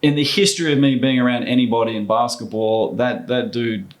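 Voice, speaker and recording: A middle-aged man, a former basketball player, telling stories as a podcast guest in an animated, casual way. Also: medium pitch, fairly quick. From Australia. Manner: animated storyteller, acts out quoted voices. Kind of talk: casual storytelling interview.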